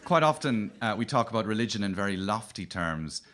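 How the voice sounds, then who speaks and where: Cork-accented male comic host, low-pitched, dry playful delivery, faint hiss behind. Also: expressive, fairly quick, a crowd in the background. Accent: Cork Irish. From Cork, Ireland. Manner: wry, playful storytelling. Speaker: comedian host. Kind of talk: stand-up comedy on radio.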